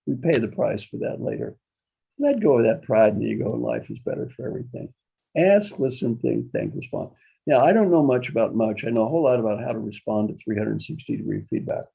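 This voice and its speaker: Gravelly-voiced man leading an interactive workshop. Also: medium pitch. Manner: energetic, repeats key phrases, quizzes the audience. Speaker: leadership coach leading a workshop. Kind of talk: interactive online workshop talk. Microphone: video call.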